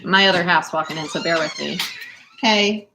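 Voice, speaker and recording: A young adult woman giving a live-stream tarot reading from home, animated and encouraging, often laughing as she talks. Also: medium pitch, fairly quick, noisy background. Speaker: tarot reader. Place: home, dog nearby.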